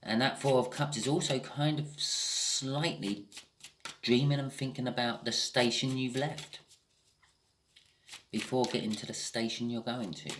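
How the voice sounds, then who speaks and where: A man's voice: medium pitch, fairly even intonation, unhurried, a bit bright, a little hiss or hum. A man giving a casual tarot reading, thinking aloud with frequent restarts and the odd swear word. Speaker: tarot reader.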